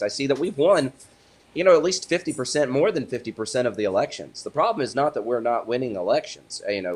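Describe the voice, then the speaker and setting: A man, an attorney, giving a political interview in an emphatic, argumentative way. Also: lowish voice. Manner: emphatic, builds to forceful punchlines.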